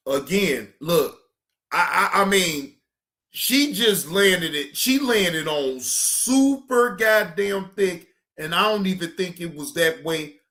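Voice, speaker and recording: A man hosting a reaction show, talking in a loud, profane, exclamatory way, often stammering and restarting. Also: sits high, animated, slow pace. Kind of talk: casual reaction commentary.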